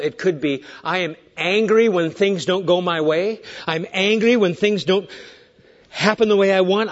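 A man in his sixties preaching a sermon as pastor, swinging between hushed asides and raised emphatic points with joking digressions. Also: a little high, highs cut off.

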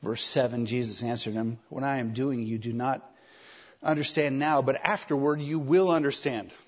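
Husky conversational male preacher. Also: medium pitch, moderate pace, muffled recording. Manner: animated, conversational, acts out quoted lines. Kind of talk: sermon.

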